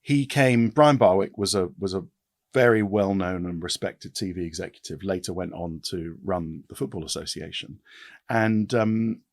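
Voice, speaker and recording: A man in his fifties, a podcast guest, talking in an animated way with quick restarts and repetitions. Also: sits low, dry recording, studio quality. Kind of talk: casual interview chat.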